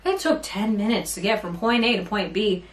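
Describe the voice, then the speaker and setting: A woman's voice: medium pitch, normal speed. A young woman vlogger telling a rant-style story time, rambling and exasperated as she recounts what happened. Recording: roomy sound from a bit off mic.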